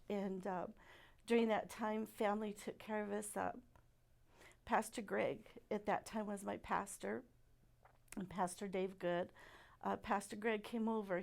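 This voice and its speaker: Gravelly, halting middle-aged woman. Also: mid-range voice. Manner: halting and soft-spoken, many pauses and fillers. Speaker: church member giving testimony. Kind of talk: personal testimony.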